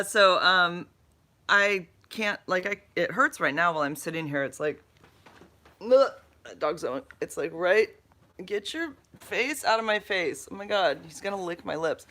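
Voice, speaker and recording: A woman's voice: medium pitch, sharp tone. A woman chatting casually on a live stream from her bed, drowsy and dopey from medication, rambling and tripping over her words as she reads comments. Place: in bed at home.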